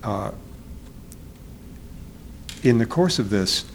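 Author interviewee, male, lowish voice, thoughtful and halting, faint background noise. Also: lively intonation, gravelly. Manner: halting, searching for words, self-correcting. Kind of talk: reflective interview talk.

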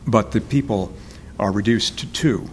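A man being interviewed as an author, speaking in a halting, reflective way and often searching for words. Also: lowish voice, slight background noise.

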